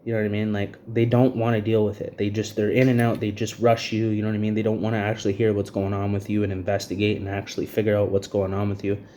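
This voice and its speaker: A man's voice: lowish voice, level tone, fast, hardly any pauses, dark tone, slight background noise. Breathless, agitated man ranting. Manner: agitated, repetitive, many "you know what I mean" fillers. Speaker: vlogger. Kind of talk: ranting to camera.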